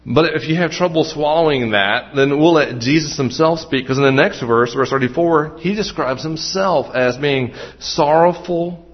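A man's voice: a little high, normal speed, few pauses. A man preaching a sermon as pastor, conversational and self-deprecating, with asides and restarts. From Western Maryland. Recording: muffled, dull sound.

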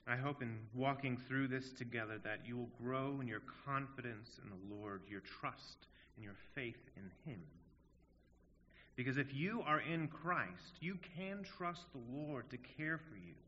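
In a long-reverb hall, with dull sound and a faint hiss or hum, a man delivers an earnest, emphatic sermon full of rhetorical questions. His voice is medium-pitched and unhurried.

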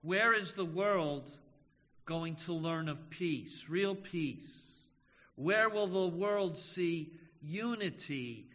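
A male pastor preaching a sermon, slow and measured, stressing key words with emphasis. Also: fairly high pitch, animated, fairly bright tone. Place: church sanctuary. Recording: dull audio in a reverberant hall.

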